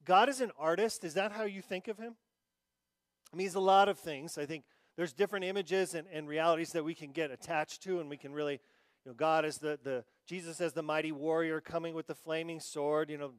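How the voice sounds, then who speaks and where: A male pastor preaches in a fairly high voice, talking casually and then rising into emphatic bursts before dropping low and slow. The sound is close and dry, with no room around it. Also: no room sound. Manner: acts out quoted listeners in mock confusion. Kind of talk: sermon.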